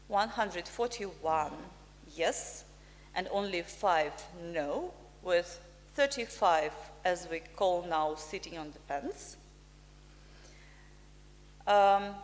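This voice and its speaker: A woman from Ukraine, an ambassador giving a formal prepared speech in slow, deliberate, emphatic phrases. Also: on the low side. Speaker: ambassador, guest speaker. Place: press club function room. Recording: reverberant hall.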